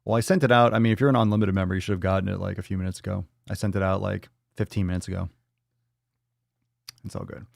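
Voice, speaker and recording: A man's voice: low-pitched, steady tone, quick pace, vocal fry, darkish tone, dry recording, clean studio sound. A man hosting a casual livestream podcast, talking loosely and swearing freely while reading chat comments aloud. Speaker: podcast host. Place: indoors at home.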